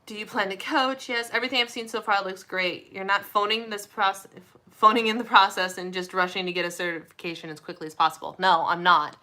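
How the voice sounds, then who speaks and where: A woman from the Minneapolis area hosts a relaxed live chat with her community. Her voice is bright and clear, and she talks in a chatty, upbeat way, reading comments aloud and answering them. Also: medium pitch, a little fast, hardly any pauses. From Minneapolis area, USA. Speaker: host. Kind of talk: casual live chat with viewers.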